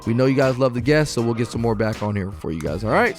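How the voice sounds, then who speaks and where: A man's voice: medium pitch, animated, quick pace, few pauses, faint music behind. A man hosting a podcast, speaking in an earnest, motivational, conversational way. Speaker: podcast host. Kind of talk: casual podcast chat.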